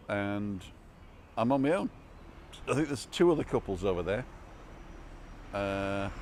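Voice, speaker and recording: A man's voice: on the low side, a little mellow, a little hiss or hum. An older man rambling casually through a live stream from an outdoor bar terrace, reading out comments with many restarts and asides.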